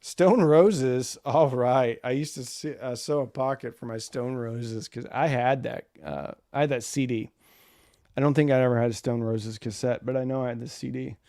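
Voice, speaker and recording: A man's voice: medium pitch, steady tone, normal speed, mellow, dry recording, clean studio sound. Man rambling on a live chat. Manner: rambling, reads viewer comments aloud. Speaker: live stream host.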